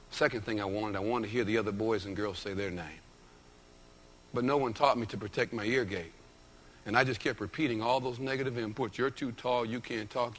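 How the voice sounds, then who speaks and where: A man delivering an emphatic, energetic motivational keynote with storytelling. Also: mid-range voice, slight background noise. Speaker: motivational speaker.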